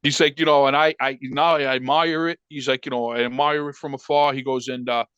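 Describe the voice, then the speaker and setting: A man's voice: mid-range voice, brisk, smooth, no room sound, highs cut off. A man telling a story on a podcast, acting out the voices of the people in it. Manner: animated storyteller acting out quotes, frequent swearing. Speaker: podcast guest. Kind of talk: casual storytelling.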